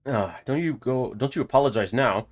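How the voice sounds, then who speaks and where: A man's voice: mid-range voice, moderate pace, natural voice. A man voicing a motherly older woman who runs a small-town diner, speaking in a folksy, reassuring way.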